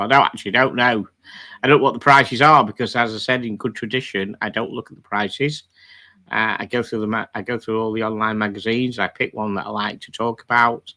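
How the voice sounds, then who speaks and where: A man's voice: on the low side, bright, forceful tone. A man hosting a live stream, chatting casually and greeting viewers from the chat by name. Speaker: livestream host.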